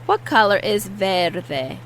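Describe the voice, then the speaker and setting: A woman's voice: medium pitch, lively intonation, takes it slowly, a bit bright, slight background noise, poor audio. A woman teaching a language lesson, patiently repeating each word and explaining how to pronounce it. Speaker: Spanish teacher. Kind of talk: vocabulary lesson with repetition drills.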